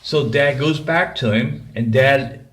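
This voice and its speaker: A man's voice: medium pitch, slow pace, a bit bright. A middle-aged man telling a personal story in a folksy, rambling way. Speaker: vlogger.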